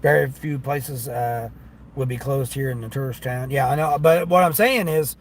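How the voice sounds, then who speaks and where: A man's voice: mid-range voice, normal speed, a little hiss or hum. A man livestreaming while driving for delivery apps, chatting casually and complaining about customers who don't tip. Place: in a car.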